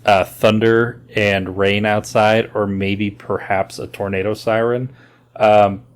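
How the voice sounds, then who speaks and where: A podcast host with a slight Oklahoma twang chats in an easygoing, rambling way, full of fillers. His voice sits on the low side, slow and level in tone.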